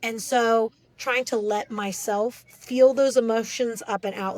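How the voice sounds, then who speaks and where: A woman's voice: a little high, unhurried. A woman in her thirties, a podcast guest, talking openly and telling stories with animation. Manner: open, animated storytelling. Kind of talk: casual interview chat.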